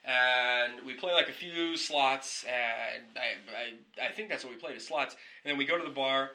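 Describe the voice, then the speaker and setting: Male podcast host, very bright timbre, loose rambling storyteller who swears casually. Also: medium pitch, normal speed, poor audio.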